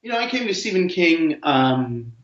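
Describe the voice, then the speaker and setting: A man's voice: on the high side, moderate pace. A man, a comics writer as a guest, telling a rambling, joking story in a casual interview. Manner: rambling storyteller, animated jokes. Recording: roomy, dull lo-fi sound.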